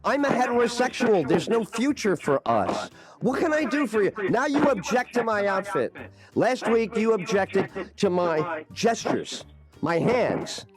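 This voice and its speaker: A man's voice: high voice, expressive, measured pace, music in the background. A man hosting a radio talk show, sparring with a caller in a sarcastic, combative and profane way. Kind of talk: on-air exchange with a prank caller.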